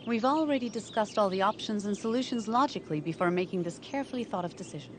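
An actress playing a composed adoptive mother who speaks in a measured, firm and reasoning way in a dubbed drama. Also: mid-range voice, expressive, noisy background, natural voice. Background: background music.

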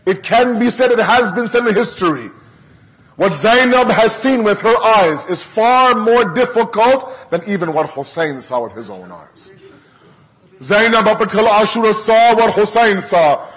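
A man with a very high voice preaches a sermon. He retells a sacred story with emotion, building it through repeated phrases. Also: big pitch swings, a little slow, a bit bright, poor audio. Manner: emotional storytelling with heavy repetition.

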